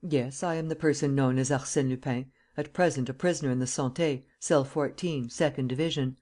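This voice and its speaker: A man's voice: mid-range voice, steady tone, a little fast, a little mellow, natural voice. A man reading the part of a proud, ironic master thief in his prison cell, with a formal, coolly mocking manner.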